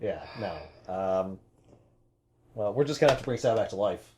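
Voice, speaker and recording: A man's voice: lowish voice, normal speed, background noise. A man co-hosting a casual comic book podcast, talking hesitantly with lots of fillers. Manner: hesitant, filler-heavy, deadpan. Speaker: podcast co-host.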